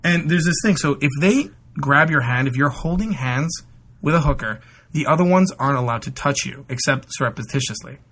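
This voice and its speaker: A man's voice: a little high, lively intonation, brisk, fairly bright tone, husky. A man on a casual comedy podcast, rambling through stories and acting out the people in them. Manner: rambling storyteller, acts out quotes. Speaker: podcast guest.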